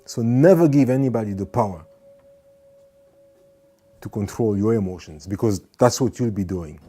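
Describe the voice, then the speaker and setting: A man's voice: lowish voice, animated, moderate pace, breathy edge, faint music behind. A man giving an earnest motivational talk, repeating his points and now and then acting out angry people. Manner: earnest, repeats phrases, acts out shouting people. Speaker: motivational speaker.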